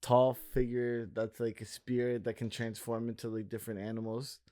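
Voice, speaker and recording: A man's voice: medium pitch, completely flat delivery, moderate pace, mellow, dry recording, studio quality. A young man co-hosting a podcast, talking casually and rambling with many fillers. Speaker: podcast co-host. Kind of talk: casual chat.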